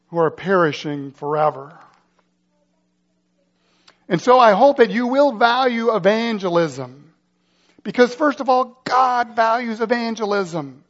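A man's voice: sits high, a bit bright, dull audio. A man preaching a sermon as a pastor, building urgency with vivid scenarios and rhetorical questions.

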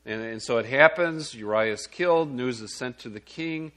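A man's voice: mid-range voice, normal speed, fairly bright tone. A man preaching a sermon in a plain, conversational way. He checks in with his listeners and sometimes restarts a phrase.

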